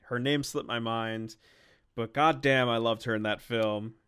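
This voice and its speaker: A man's voice: mid-range voice, steady tone, a little slow, a bit bright, clean tone. A young man co-hosting a casual film podcast, joking and teasing with sarcastic asides. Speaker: podcast co-host.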